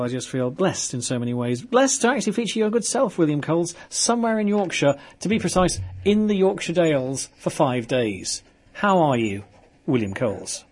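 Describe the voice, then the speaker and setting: A man's voice: a little high, slightly rough. A man presenting a radio show, chatting and teasing his guests in playful studio banter.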